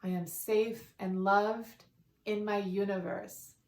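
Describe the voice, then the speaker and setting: A woman guiding a meditation in a calm, soothing way, leading breaths and repeating affirmations. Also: mid-range voice, slow. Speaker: meditation guide. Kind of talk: guided meditation. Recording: roomy, distant from the mic.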